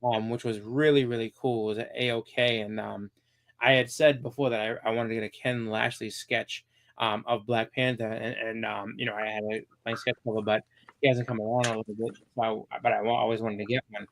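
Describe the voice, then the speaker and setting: A man's voice: fairly low pitch, little pitch movement, brisk, a bit bright, a little hiss or hum. A man hosting a live comics stream, chatting casually and rambling with many fillers and restarts. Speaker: comics show host.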